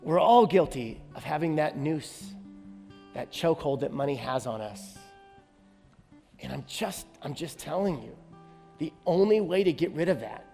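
A man's voice: on the high side, a little mellow. A man, a pastor, preaching a sermon in a church, telling a story and then leading an earnest prayer. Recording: church hall reverb, faint music.

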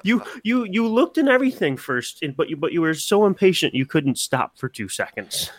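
A man's voice: a little high, big pitch swings, moderate pace, no room sound. A young man, co-hosting a podcast, ranting expressively about annoyances and swearing casually. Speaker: podcast co-host. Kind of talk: casual chat. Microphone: studio microphone.

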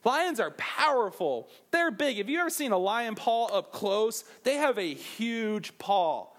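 A man preaching a sermon, animated and chatty, dropping jokey asides to his listeners as he explains scripture. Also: high-pitched, measured pace. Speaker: pastor.

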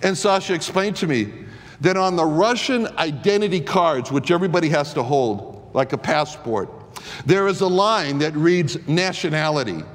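Male lecturer, high register, rhetorical and halting, recorded in a hall with long reverb. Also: lively intonation. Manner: rhetorical, repeats "why?", stumbles and restarts. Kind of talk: impassioned lecture.

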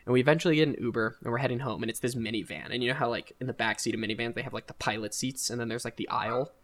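A young man hosting a podcast, telling a college story in a casual, rambling, animated way with frequent laughter. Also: mid-range voice, rapid-fire. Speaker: podcast host.

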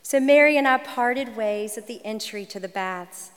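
A woman in her forties, a minister and writer, telling a personal story in a gentle, measured, reflective way. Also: on the high side, clear, resonant tone. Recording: long hall reverb.

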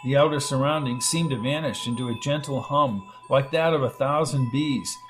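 A man narrating a dramatic science fiction audiobook in a measured reading. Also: mid-range voice, fairly bright tone, faint music behind. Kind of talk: scripted narration.

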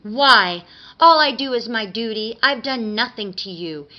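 A woman voicing a tearful, pleading female tooth fairy who wails high, on a dull lo-fi recording. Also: unhurried, sharp tone. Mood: distraught.

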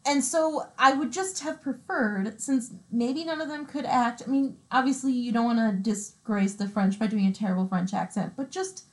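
A woman with a slightly high voice talks casually, sharing firm opinions. She thinks out loud, restarts sentences and lets thoughts trail off. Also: moderate pace, hardly any pauses. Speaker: co-host discussing a film. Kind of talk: casual chat.

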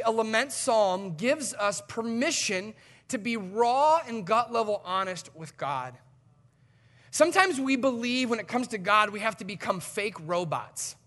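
A male pastor preaching a sermon in an animated, conversational way with emphatic swings in delivery. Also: high-pitched.

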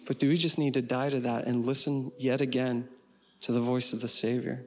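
A man pastor preaching a sermon in an earnest way, slowing down on key phrases and closing with a prayer. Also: medium pitch, flat delivery, soft background music. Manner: earnest, slows for emphasis and ends with prayer.

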